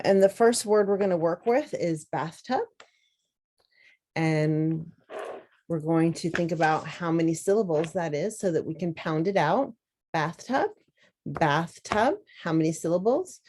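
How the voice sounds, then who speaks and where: A woman teacher, slowly and carefully sounding out words in an instructional demonstration. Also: on the low side, warm tone, a little hiss or hum, low-quality recording. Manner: slow, deliberate, sounding out words.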